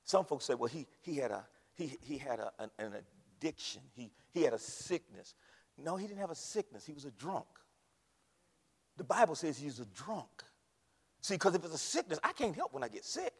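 A man preaching a sermon, swinging from hushed storytelling to shouted climaxes. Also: fairly high pitch, big pitch swings, normal speed, slightly rough. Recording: long reverb of a large hall.

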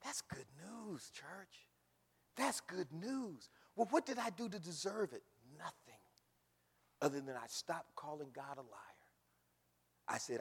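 A man preaching a sermon, swinging from loud shouts down to hushed near-whispers. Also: fairly high pitch, very animated, measured pace, creaky, husky, long reverb tail. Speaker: pastor.

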